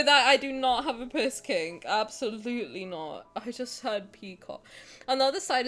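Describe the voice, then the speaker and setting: A young adult woman streaming, chatting casually and reading game text aloud in an animated, joking way, giggling and swearing. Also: fairly high pitch. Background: faint game music.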